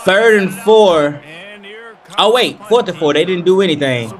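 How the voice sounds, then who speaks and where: A young man giving casual play-by-play commentary while playing a football video game, animated, hyped and trash-talking. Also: sits high, measured pace. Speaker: gaming video creator.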